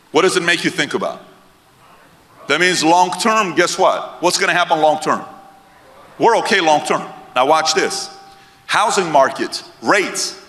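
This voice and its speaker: A man's voice: fairly high pitch, pushed and bright. A man giving a motivational stage talk, punchy and firing rhetorical questions at the crowd. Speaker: business speaker. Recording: echoey hall with long reverb.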